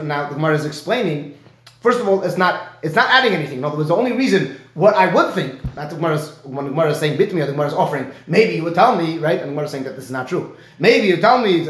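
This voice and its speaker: A man teaching a Talmud lesson, explaining Rashi and checking in with his student with a quick "right?". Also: a little high. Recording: echoey room.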